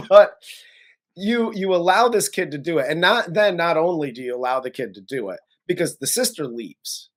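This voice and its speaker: A man's voice: on the high side, animated, unhurried, a bit bright. A man co-hosting a casual movie review chat, recapping the plot with frequent laughter and plenty of swearing. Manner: profane, laughs often, blunt opinions. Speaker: co-host of a movie review show.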